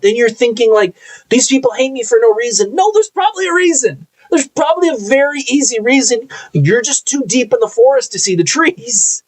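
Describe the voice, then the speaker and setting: A young man hosting a live podcast, telling a workplace story in a blunt, animated way and swearing casually. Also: high voice, rough recording. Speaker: podcast host.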